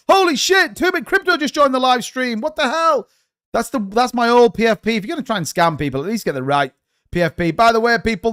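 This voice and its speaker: A man hosting a livestream, chatting with viewers in a quick, excitable way. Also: sits high, smooth. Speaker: crypto livestream host. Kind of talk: casual livestream chat.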